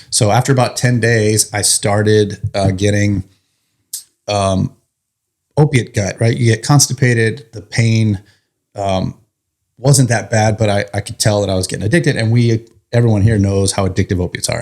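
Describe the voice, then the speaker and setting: A man's voice: lowish voice, darkish tone. A firefighter telling his own story in a candid, vivid, plain-spoken way. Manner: candid and vivid, with blunt swearing. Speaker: firefighter guest. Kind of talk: personal storytelling.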